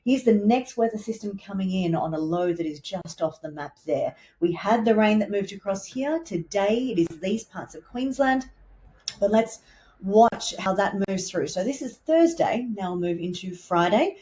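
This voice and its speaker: A woman's voice: mid-range voice, animated, normal speed, dark tone. A woman presenting a weather forecast, chatty and enthusiastic as she points along a map with little asides. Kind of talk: casual weather forecast walkthrough.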